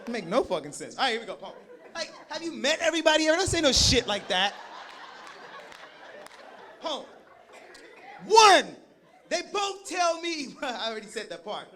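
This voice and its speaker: A high-pitched man with a bright, forceful tone performs spoken word live. He swings from profane comic banter into rhythmic, punchy poetry lines. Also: sing-song, a little slow, pauses often, a faint crowd, slight background noise. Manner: profane, joking, rhythmic delivery. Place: live stage at an event.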